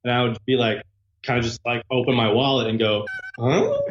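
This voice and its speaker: A man, a guest musician, telling lively anecdotes in casual conversation and mimicking the people in them. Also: mid-range voice, fast talker, roomy sound, dull audio, slight background noise. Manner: animated, imitates voices in anecdotes. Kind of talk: casual storytelling chat. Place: abroad in a Spanish-speaking country.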